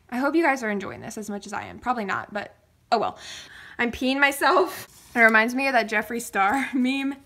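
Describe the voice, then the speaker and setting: A woman's voice: on the high side, lively intonation, fairly quick, fairly bright tone. Giddy squealing young woman. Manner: giddy, exaggerated, swings between mumbling and squealing. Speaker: K-pop fan vlogger. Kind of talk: excited unboxing reaction vlog.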